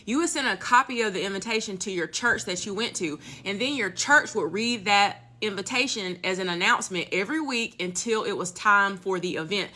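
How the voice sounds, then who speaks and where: A woman's voice: mid-range voice, bright, forceful tone. A middle-aged woman talking casually and matter-of-factly, reminiscing about how things used to be done. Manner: matter-of-fact, reminiscing about old customs. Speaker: storyteller.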